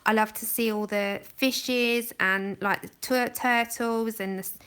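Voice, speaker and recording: A woman's voice: a little high, steady tone, measured pace, fairly bright tone, smooth. A young woman chatting and giggling as she colours on a livestream, talking into a camera set close in front of her face. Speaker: livestream host. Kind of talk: casual chat while colouring. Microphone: camera just in front of her face.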